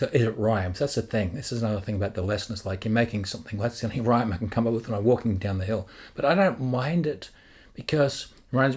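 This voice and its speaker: Husky man musing aloud about songwriting. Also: medium pitch, a little mellow. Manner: rambling, thinks aloud, sings lyric drafts. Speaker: songwriting teacher. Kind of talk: casual thinking-aloud lesson.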